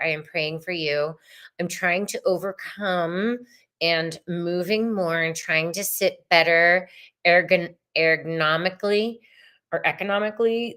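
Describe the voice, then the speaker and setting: A woman's voice: deep voice, sharp tone, clean tone. A middle-aged woman, hosting a live tarot reading, effusive and chatty, swearing casually and calling viewers y'all and sister.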